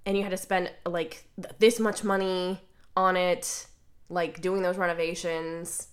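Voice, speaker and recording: A woman's voice: lowish voice, little pitch movement, a little slow. A woman co-hosting a casual podcast, nasal from a sinus infection, telling stories with lots of "like". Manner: chatty storytelling, lots of "like". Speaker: podcast co-host. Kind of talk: casual chat.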